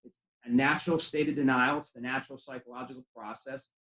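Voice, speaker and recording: A man's voice: mid-range voice, level tone, fast, sharp tone, roomy sound, poor audio. A man coaching chiropractors in a conversational way, telling stories with quoted dialogue. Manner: conversational storytelling with acted quotes. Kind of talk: training talk to chiropractors.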